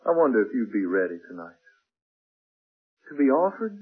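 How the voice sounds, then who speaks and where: A man's voice: medium pitch, very animated, normal speed, long pauses, husky, muffled recording. A man preaching a sermon in an emphatic way, repeating and building his phrases.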